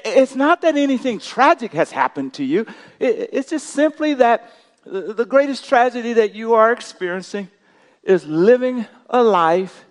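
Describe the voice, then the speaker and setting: A male pastor delivering a sermon, leading the congregation in call-and-response, his volume swelling and dropping. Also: sits high. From Texas. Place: large church sanctuary. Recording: long hall reverb.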